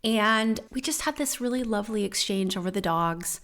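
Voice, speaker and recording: A woman hosting a spiritual podcast, talking casually and earnestly, telling personal stories with animated feeling. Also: mid-range voice, moderate pace. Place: home in the Netherlands.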